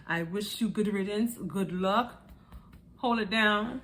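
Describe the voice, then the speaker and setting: A woman's voice: mid-range voice, slow pace. A woman casually reviewing a reality TV episode, acting out the cast's lines and laughing along. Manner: animated, acts out quotes with laughs. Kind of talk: casual recap commentary.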